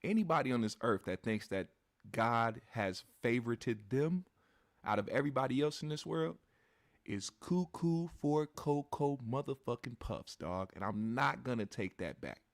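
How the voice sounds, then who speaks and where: Man, commentary host, blunt, profane, average pitch, dry close sound. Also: animated, moderate pace, dry recording. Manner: blunt and profane, talks straight to the audience. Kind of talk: casual commentary to a live chat.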